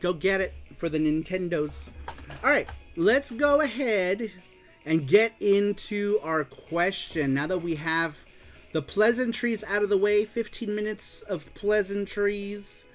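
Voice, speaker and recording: Excitable man hosting a livestream, music behind. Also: high-pitched, measured pace. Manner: excitable, laughs often, reads viewer comments aloud. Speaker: show host. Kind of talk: casual livestream chat.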